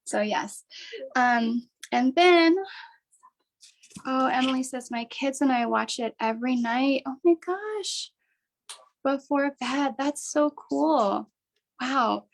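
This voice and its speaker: A woman's voice: sits high, slow pace, creaky, pauses often, poor audio. A woman hosting a live online craft workshop, chatty, upbeat and encouraging as she walks people through each step. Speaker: workshop host.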